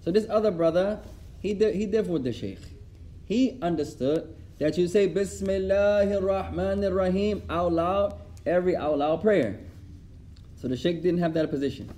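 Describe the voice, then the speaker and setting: A man teaching a religious class, telling stories with animated delivery and repeating lines for emphasis. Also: high-pitched, normal speed. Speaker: Islamic studies teacher. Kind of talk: religious class lesson with storytelling.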